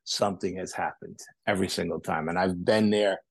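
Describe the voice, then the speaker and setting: A man, a podcast guest, telling animated stories in a casual interview and acting out other people's quotes. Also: sits low, brisk, creaky, slightly rough, no room sound. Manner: animated anecdotes with acted-out quotes. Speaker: podcast guest, paranormal investigator.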